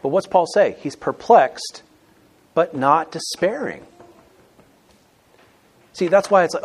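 A man preaching a sermon as pastor, emphatic, moving between loud stressed words and quiet asides. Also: fairly high pitch, expressive, takes it slowly, long pauses, breathy edge.

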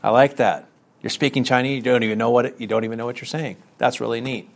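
Breezy, offhand young guy, as a male preacher puts him on, mid-pitched and easygoing. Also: fairly even intonation, quick pace, vocal fry, slight background noise, natural voice. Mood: impressed.

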